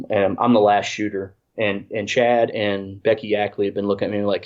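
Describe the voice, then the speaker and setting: A man's voice: fairly low pitch, little pitch movement, a little fast, few pauses. A congested man telling a rambling, self-deprecating story in casual chat, full of restarts. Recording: dull lo-fi audio.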